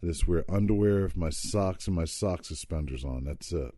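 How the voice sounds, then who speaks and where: Low dark-voiced man, deadpan jokes, animated intonation, dry close sound. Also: moderate pace, no room sound. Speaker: podcast co-host. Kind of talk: casual chat.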